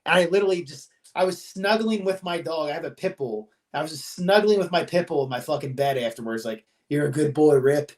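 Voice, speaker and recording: A man with a slightly high voice retells a story in loose, casual chat. He swears constantly and keeps an animated, storytelling drive as he goes. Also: fast, hardly any pauses. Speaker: podcast host.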